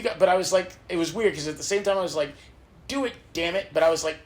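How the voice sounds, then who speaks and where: A man hosting a podcast, telling personal stories in an animated, profane, casual way. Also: high voice, fast. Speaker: podcast host. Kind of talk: casual storytelling chat.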